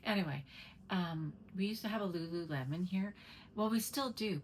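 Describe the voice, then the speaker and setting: A woman's voice: lowish voice, normal speed, slight background noise, low-quality recording. A middle-aged woman chatting casually to camera at home, rambling and talking to her cat between stories. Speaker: vlogger.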